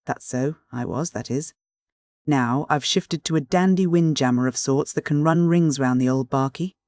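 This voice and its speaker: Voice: medium pitch, normal speed, darkish tone, dry recording, clean studio sound, close to an everyday voice. A reader voicing a truculent American sea captain. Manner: drawling, slangy, placid yet truculent.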